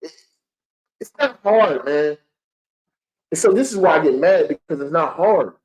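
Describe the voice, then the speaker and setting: Heated sports-show host ranting. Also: male voice, on the high side, lively intonation, a little slow, darkish tone, rough recording. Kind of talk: live-streamed fan sports commentary.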